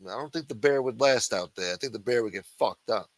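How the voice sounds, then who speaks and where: A man's voice: medium pitch, brisk, no room sound, low-quality recording. A man hosting a late-night livestream show, reading news articles aloud and breaking off into profane, sarcastic rants.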